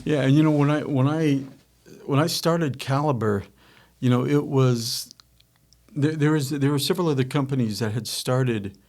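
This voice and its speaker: Middle-aged male podcast host, rambling storyteller, even mid-range voice. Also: mid-range voice, normal speed. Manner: rambling, self-correcting, acts out quoted dialogue. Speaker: podcast host, company founder. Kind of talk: casual storytelling chat.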